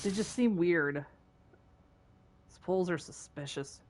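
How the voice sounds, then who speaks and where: A woman with a lowish voice chats casually with her viewers during a gaming stream, often giggling and playfully teasing. She speaks a little slowly, with slight background noise behind her.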